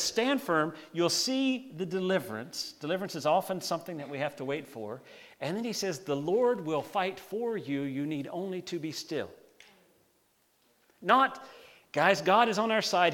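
A male pastor with a slightly raised pitch gives a sermon. He is casual and animated, and he drags out key phrases for emphasis. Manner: conversational, animated preaching with slowed emphasis.

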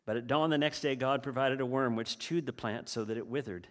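A man's voice: mid-range voice, fairly quick, fairly bright tone. A man preaching a sermon as a pastor, earnest and asking the listeners rhetorical questions.

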